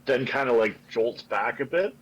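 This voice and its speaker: A man's voice: medium pitch, lively intonation, normal speed, husky, dull audio. A man narrating his characters' actions in a tabletop game, hesitant and full of fillers. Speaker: player.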